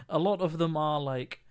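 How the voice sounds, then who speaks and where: A man's voice: on the high side, clean tone. A man streaming while he paints miniatures, laid-back and chatty, laughing often. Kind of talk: casual chat.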